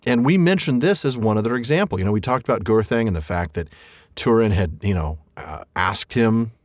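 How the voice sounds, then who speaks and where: A man's voice: on the low side, expressive, a little fast, no room sound, clean studio sound. A man hosting a podcast, chatting casually, laughing often, and reading passages aloud. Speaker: podcast host.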